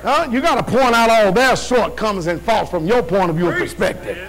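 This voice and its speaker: A man's voice: high-pitched, a little fast, fairly bright tone, poor audio. A male preacher giving a fervent sermon, reading scripture with rhythmic call-and-response asides.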